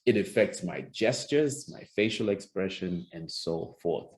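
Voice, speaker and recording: In an online presentation skills lesson held over a video call, a public speaking coach talks in a low-pitched, darkish voice, a little slow. His manner is conversational, with frequent restarts and acted-out example lines.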